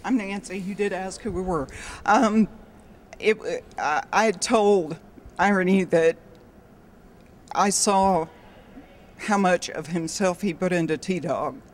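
A woman giving a halting, affectionate audience testimonial. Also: lowish voice. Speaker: audience member.

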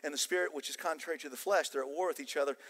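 An older man with an American accent preaching a sermon, animated and emphatic with casual asides. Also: on the high side, racing. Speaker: pastor. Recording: long church-hall reverb.

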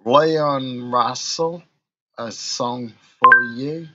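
A man's voice: mid-range voice, drawn-out words, muffled recording, very noisy. A drunk man with an Australian accent, rambling and ranting in a crude, swearing monologue for his vlog. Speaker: vlogger.

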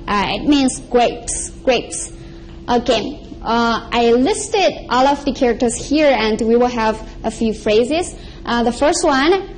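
High-voiced woman teaching slowly. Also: lively intonation, a little mellow, slight background noise, rough recording. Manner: repeats each sound slowly and clearly for practice. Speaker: Chinese language teacher. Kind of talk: slow, patient language lesson. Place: TV studio.

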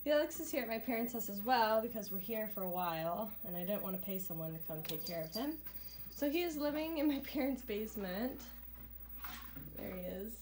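A young woman vlogging casually at her parents' house, chatting and calling out excitedly to her toddler and dog. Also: fairly high pitch, moderate pace, reverberant, noisy background. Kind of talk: casual home vlog.

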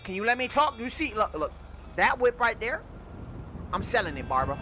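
A man doing comedic game commentary, loud and theatrical, swinging between mock grief and yelling. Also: high voice, sing-song, a little fast, faint music behind. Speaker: gaming YouTuber. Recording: background noise under the voice.

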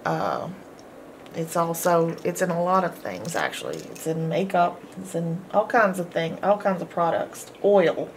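A woman teaching a homeschool phonics lesson, sounding out words slowly and encouraging her students. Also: lowish voice, animated, slight background noise. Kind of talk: phonics lesson, slow and deliberate.

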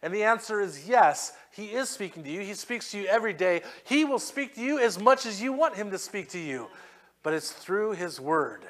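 A man's voice: high voice, very animated, normal speed, a bit bright. A man preaching a sermon as pastor, reading scripture emphatically and acting out quoted voices. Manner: acts out quoted voices in asides.

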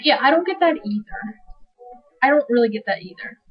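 A woman's voice: sits high, animated, brisk, slightly rough, faint music behind. A young woman chatting casually and giggling while co-hosting a game playthrough. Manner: giggly, easygoing. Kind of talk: casual gameplay chat. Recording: dull lo-fi home recording.

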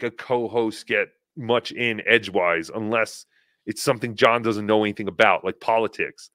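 A man's voice: mid-range voice, a bit bright, no echo, studio quality. A man hosting a casual online show, joking, laughing a lot and slipping into mocking voices. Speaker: host. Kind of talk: casual chat.

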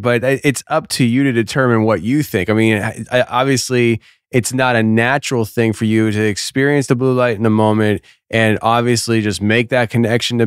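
Brief: smooth-voiced man, easygoing host, dry studio sound. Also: medium pitch, dry recording. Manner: laid-back, laughs easily. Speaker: podcast host. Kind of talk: casual interview chat.

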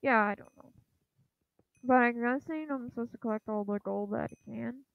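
High-voiced woman on a tinny, phone-like mic. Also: normal speed, gravelly, no echo. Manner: hesitant and apologetic, lots of fillers; urges the game on with repeated short cries. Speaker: gaming channel host. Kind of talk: casual gameplay commentary.

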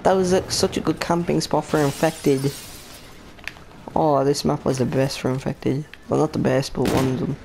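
A man with a gaming channel commentating live over a shooter match, excitable and swearing as he reacts. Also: on the high side, normal speed, vocal fry, background noise. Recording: game gunfire under the voice. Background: gunfire and explosions from the game.

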